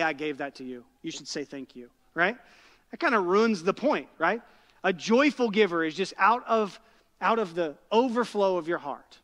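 High-voiced pastor preaching in a reverberant hall. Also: male voice, a bit bright. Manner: conversational storytelling, asks "right?" and "okay?" often. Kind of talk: sermon. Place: church sanctuary.

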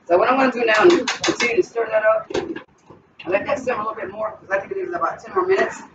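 A woman rattles along rapid-fire in a mid-range voice, addressing viewers directly while cooking in her home kitchen for her vlog. Audio quality is poor: distant, muffled, and noisy.

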